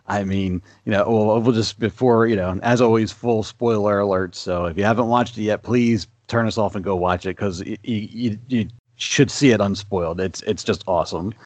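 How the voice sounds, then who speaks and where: A man's voice: lowish voice, fairly even intonation, normal speed, few pauses, darkish tone, no room sound. A man co-hosting a podcast. He chats casually and eagerly, with many fillers as he retells his reactions. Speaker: podcast co-host. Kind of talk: casual chat.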